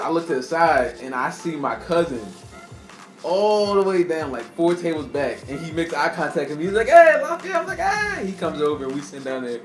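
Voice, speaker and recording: A young man telling a casual storytime to his camera, rambling and laughing often, with slang. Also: a little high. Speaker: vlogger. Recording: echoey room with faint music.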